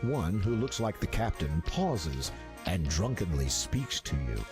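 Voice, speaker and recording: A calm low-voiced game narrator. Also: male voice, music in the background, exaggerated voice. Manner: measured, descriptive storybook reading. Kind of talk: scripted narration.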